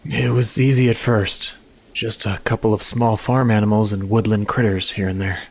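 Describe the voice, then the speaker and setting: A tormented husband hiding a monstrous curse, played by a man, his voice gravelly and husky with a rough, grainy edge. He pleads and confesses in halting bursts, tripping over his own words. It suits a spoken horror story. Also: on the low side, little pitch movement. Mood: tormented confession. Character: anguished young husband, secretly cursed, turning monstrous. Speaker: voice actor in a horror audio story.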